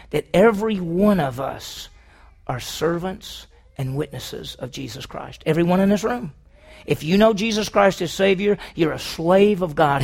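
Preacher, male, high and gravelly; sermon delivery that asks the room questions and drops to near-whispers. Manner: swings from loud emphasis to hushed near-whisper. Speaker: pastor.

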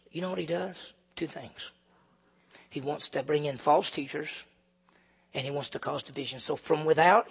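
Gravelly preacher in an echoing hall. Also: male voice. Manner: emphatic, rising to loud peaks then dropping low. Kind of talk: sermon. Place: church sanctuary. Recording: long reverb of a large hall.

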